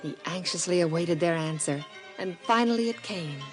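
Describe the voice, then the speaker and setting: Woman narrator, calm, measured, lowish voice, music underneath. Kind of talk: scripted storytelling narration.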